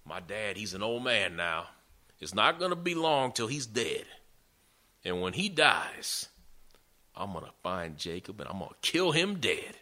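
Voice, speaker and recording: A man's voice: on the low side, big pitch swings, a little slow, bright, forceful tone, exaggerated voice. A man voicing a grieving young man who pleads with his father in a sermon retelling. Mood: bitter. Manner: pleading, plaintive.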